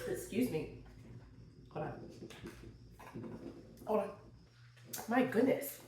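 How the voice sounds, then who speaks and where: A woman giving a chatty, expressive tarot reading, her voice worn and hoarse. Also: mid-range voice, noisy background. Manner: chatty, expressive, laughs and sings bits. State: losing her voice, clearing throat. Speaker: tarot reader. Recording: quiet roomy home recording.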